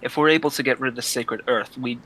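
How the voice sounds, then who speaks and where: A man playing in a tabletop game, speaking in a halting, careful way with many fillers. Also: medium pitch, steady tone, bright, forceful tone, low-quality recording. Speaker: player. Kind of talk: casual tabletop play.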